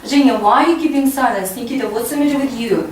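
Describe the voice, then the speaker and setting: Lady teacher, high voice, keeps prodding the kids w questions, big echoey room, mic far off. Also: fast, slight background noise. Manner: prompting, coaxing pupils with repeated questions. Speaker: English teacher. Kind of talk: classroom teaching. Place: school classroom.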